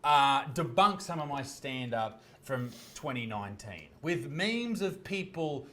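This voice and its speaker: A man's voice: medium pitch, big pitch swings, measured pace, sharp tone, a little hiss or hum. A man narrating a commentary video in a sardonic, swearing way. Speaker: comedian in a video being reacted to.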